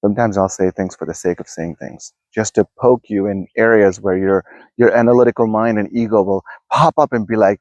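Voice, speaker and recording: A man with a low voice rambles casually to his viewers from a backyard, stopping and restarting his thoughts. The sound is dry and somewhat dull, like a lo-fi recording. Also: fairly even intonation, brisk, darkish tone, dry recording. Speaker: self-help video host. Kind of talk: casual spoken musing to camera. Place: outdoors in a backyard.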